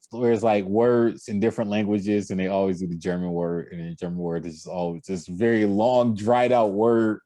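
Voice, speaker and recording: A young man co-hosting a casual sports podcast, talking in an animated, laughing way with a jumpy pitch. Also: no room sound. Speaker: podcast co-host.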